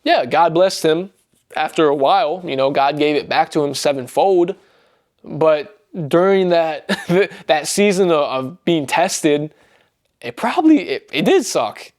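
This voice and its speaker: A man's voice: on the high side, lively intonation, a little slow, darkish tone. A young man giving an earnest, casual spoken testimony about his faith, talking straight to his viewers with words like bro and man. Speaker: faith vlogger.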